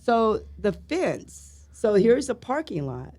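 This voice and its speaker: A middle-aged woman, the surviving spouse of an officer, appears as a podcast guest and tells a long anecdote, mimicking its sounds and voices with lively flair. Her voice is a little high and slow, and the recording is dry.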